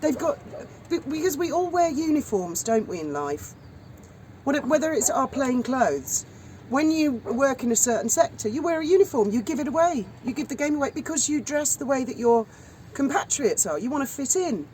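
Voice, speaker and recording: A woman chatting casually outdoors at sunset, telling stories in a lively, anecdotal way. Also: high voice, normal speed, slight background noise, rough recording. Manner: chatty storyteller. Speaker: co-host of a chat stream. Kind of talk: casual chat.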